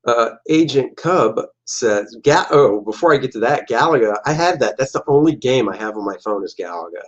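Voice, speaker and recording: Male comic artist, casual, jokey, animated delivery, lo-fi sound. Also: mid-range voice, normal speed, hardly any pauses. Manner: jokey, playful, makes silly sound effects. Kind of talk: casual commentary on his own artwork.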